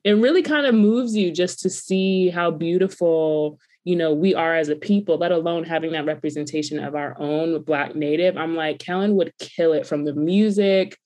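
A young woman co-hosting a casual chat, telling a story with animated quoted voices. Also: sits low, normal speed, hardly any pauses. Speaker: podcast co-host.

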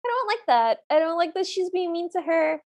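A woman's voice: very high-pitched, very animated, fairly quick, a little mellow. A woman co-hosting a podcast, chatting casually and stating her opinions and dislikes plainly. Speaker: podcast co-host. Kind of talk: casual chat.

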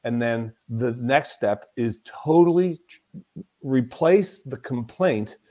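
A man's voice: mid-range voice, expressive, moderate pace, warm tone. A man speaking as a guest in a conversational podcast interview. He talks as a mental toughness coach, telling stories with emphasis and often repeating himself.

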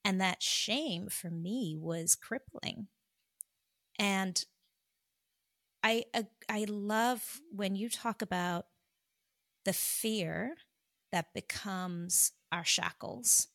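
Gravelly-voiced woman doctor as podcast guest, earnest and confessional, dry close mic. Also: mid-range voice, a bit bright, dry recording. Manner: earnest, confessional, slows for emphasis. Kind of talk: emotional personal storytelling.

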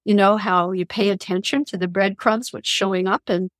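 A woman's voice: medium pitch, fairly even intonation, normal speed, dry recording. A woman guest on a podcast interview, telling personal spiritual stories in an earnest, reflective way. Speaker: guest, author and columnist.

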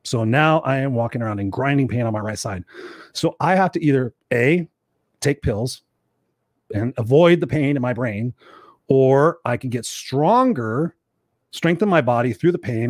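A man's voice: mid-range voice, no echo, clean studio sound. A middle-aged man hosting a motivational talk show, speaking emphatically and repeating his key points for viewers. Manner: emphatic, repetitive, acts out quoted voices.

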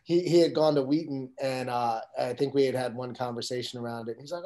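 Conversational male storyteller, mid-pitched, filler-heavy, voices the people he quotes. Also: steady tone, fast talker, few pauses, warm tone. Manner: storytelling, acts out quoted dialogue, frequent fillers. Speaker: guest telling his career story. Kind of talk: casual conversation.

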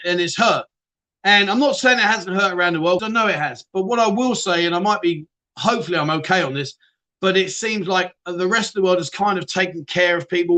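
A man's voice: high-pitched, bright, forceful tone. A middle-aged man hosting a casual live stream, chatting and greeting viewers by name, often laughing. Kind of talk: casual chat reading live comments.

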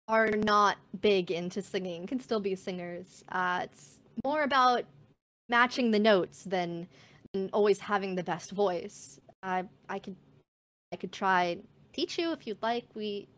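A woman voicing a shy, shaken female mermaid singer who speaks softly and hesitantly, with halting restarts. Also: mid-range voice, close to an everyday voice. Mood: encouraging.

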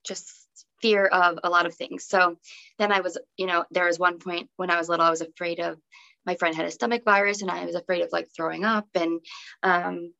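A woman's voice: lowish voice, steady tone, a little fast, creaky, bright, forceful tone. A young adult woman telling her own story as a podcast guest in casual, conversational speech filled with "um" and "like". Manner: chatty, many fillers like "um" and "like". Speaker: podcast guest, breathwork teacher. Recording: dull lo-fi audio.

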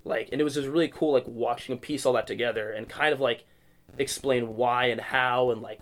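Man guest, casual interview, loose rambling delivery full of fillers, mid-pitched. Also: fairly even intonation, brisk. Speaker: guest, wrestler.

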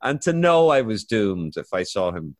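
A man's voice: lowish voice, normal speed. A man hosting a casual podcast, ranting with swearing and laughter. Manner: swearing, laughing, animated rants. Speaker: podcast host. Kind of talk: casual chat.

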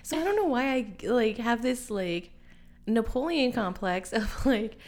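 A woman in her forties hosting a podcast, telling a story to friends in a casual chat. She is animated, laughs often and fills her talk with "like". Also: on the high side, unhurried. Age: 40s. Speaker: podcast host.

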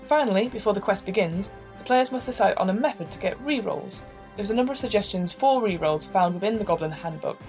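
A woman narrates a tabletop game session in an even, measured manner. Her voice sits at a middle pitch, and she lays out each rule clearly and step by step. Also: faint music behind. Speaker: game master.

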